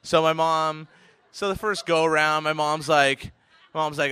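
A man telling a casual personal anecdote in an animated way, chuckling often and restarting his sentences. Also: a little high, measured pace, clear, resonant tone. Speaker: storyteller.

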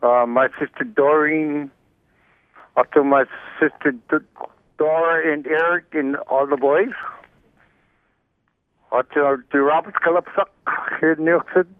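Slow-talking man calling in by phone. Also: fairly high pitch, fairly even intonation, no room sound. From Alaska. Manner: slow, halting list of names with fillers. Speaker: caller. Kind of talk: call-in greetings. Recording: tinny phone line.

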